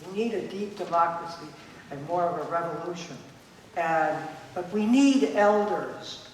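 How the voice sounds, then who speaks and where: High-voiced man lecturing in an echoey hall. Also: a little slow, a little hiss or hum. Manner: emphatic, repeats key points, acts out quoted voices. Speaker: conference speaker. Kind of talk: lecture at a conference. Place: conference hall. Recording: echoey hall, voice picked up from a distance.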